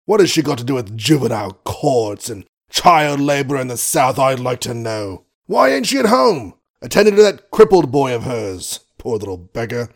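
Gruff, blustering old colonel, put on by a male audiobook reader; indignant and old-fashioned. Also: medium pitch, a little mellow. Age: older.

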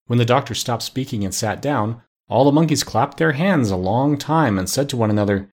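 A man reading a classic children's story aloud with expressive, animated storytelling. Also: mid-range voice, a little fast, few pauses. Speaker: storybook narrator.

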